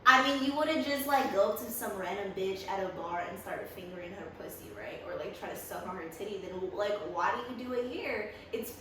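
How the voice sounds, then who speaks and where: A young woman co-hosts a podcast, chatting casually, bluntly, and profanely while laughing often. Her medium-pitched voice is a little fast with few pauses. The room is echoey, the mic sits far off, and there's background noise.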